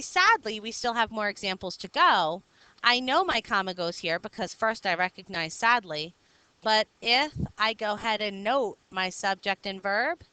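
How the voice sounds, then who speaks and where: A woman teaches a recorded grammar lesson, her voice bright and clean, close and dry with no room sound. She explains patiently, step by step, and checks in with her students as she goes. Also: medium pitch, clear, resonant tone, no echo, rough recording.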